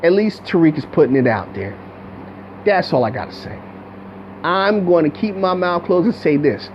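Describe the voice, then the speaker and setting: A man's voice: a little high, animated, moderate pace, muffled recording, a little hiss or hum. A man giving a blunt, profane, rambling commentary rant with many restarts. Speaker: video commentator.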